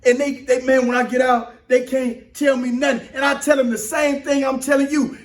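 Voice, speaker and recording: A man preaching with a high-placed voice and heavy emphasis, repeating lines to drive them home. He swings from near-shouts to hushed, slowed-down asides. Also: level tone, roomy sound. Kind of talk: sermon-style motivational talk.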